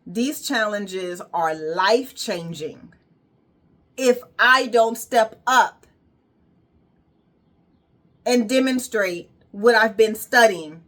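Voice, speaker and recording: A woman's voice: medium pitch, very slow, long pauses, fairly bright tone. A woman wellness coach giving an emphatic, repetitive motivational monologue with casual swearing.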